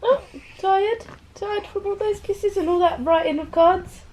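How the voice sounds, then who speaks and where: A woman's voice: very high-pitched, a little slow, a little mellow, rough recording. A young woman chatting casually with her husband at home, giggly and wry. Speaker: vlogger's wife. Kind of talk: casual family chat.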